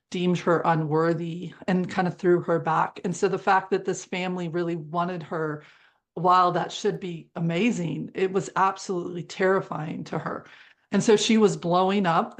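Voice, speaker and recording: A woman being interviewed as a guest, telling a heartfelt story from her work in horse-assisted therapy in an earnest, emotive way. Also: fairly low pitch. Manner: earnest and emotive, with brief laughs.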